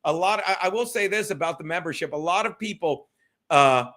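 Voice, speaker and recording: Using a streaming setup at home, a solo livestream host rambles casually, swears a lot, and chats directly with his audience. His voice sits high, a bit bright, and he talks fairly quickly.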